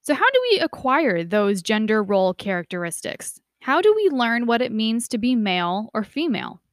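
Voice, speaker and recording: A woman's voice: on the high side, moderate pace, dry recording. Dry, close-miked woman teaching casually. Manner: conversational, animated quoting of family voices. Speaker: instructor. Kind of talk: casual lecture.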